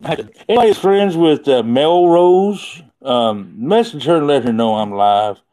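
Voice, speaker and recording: A man's voice: a little high, animated, measured pace, mellow. A man hosting a casual livestream from his phone, rambling and chatty and laughing often. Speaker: livestream host.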